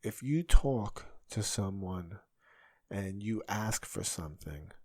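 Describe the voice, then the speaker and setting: A man in his thirties with a somewhat low voice talks alone on his podcast. As a comedian and host, he rambles casually, breaking off and restarting his sentences. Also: lively intonation, slow pace, a little mellow. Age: 30s. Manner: rambling, self-interrupting, conversational. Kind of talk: solo podcast monologue.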